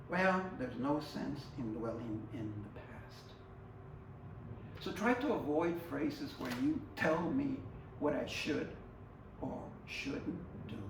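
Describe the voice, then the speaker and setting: Earnest male presenter, higher voice with some fry, personal and emphatic, recorded far off in a roomy space. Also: noisy background. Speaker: grief support presenter. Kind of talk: heartfelt instructional talk.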